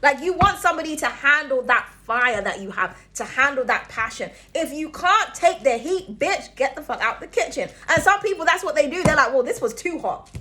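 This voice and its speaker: A woman's voice: high voice, lively intonation, normal speed, few pauses, sharp tone, a little hiss or hum. A woman giving a casual tarot reading, chatty and rambling, swearing freely and humming as she thinks. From outside the United States. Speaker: tarot reader.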